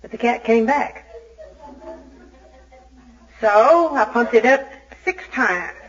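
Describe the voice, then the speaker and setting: A woman's voice: a little high, expressive, slow. Woman telling a self-mocking story on tape. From Arkansas. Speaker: Al-Anon speaker. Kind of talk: humorous recovery meeting talk. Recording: dull lo-fi tape recording.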